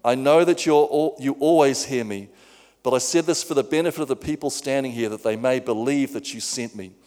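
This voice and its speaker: A preacher giving voice to Jesus, a calm and commanding grown man, read out earnestly in a plain voice. The sound rings with a long hall reverb, and the pitch sits in a middle male range. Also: a little fast, natural voice. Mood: solemn.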